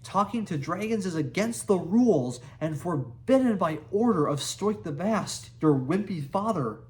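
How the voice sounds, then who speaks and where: A man voicing a sneering, bullying Viking boy who yells at others. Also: sits high, animated, unhurried, pitched above the performer's own voice. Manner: yelling, sneering.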